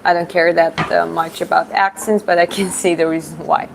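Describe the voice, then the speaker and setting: A woman from Georgia with a Georgian accent, a livestream host and fitness coach answering chat questions in a relaxed, chatty way, often searching for words. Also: on the low side, moderate pace, vocal fry, background noise.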